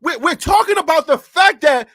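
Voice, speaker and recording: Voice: very high voice, animated, moderate pace, a bit bright, no echo, studio quality. A sports talk host on a live stream who rants animatedly, fires off rhetorical questions and repeats phrases, speaking into a desk USB microphone.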